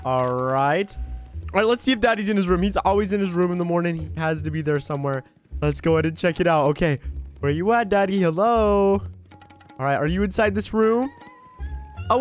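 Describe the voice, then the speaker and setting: A man voicing a bratty, excitable one-year-old baby boy in a gameplay role-play, whiny and vengeful when upset. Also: sits high, natural voice.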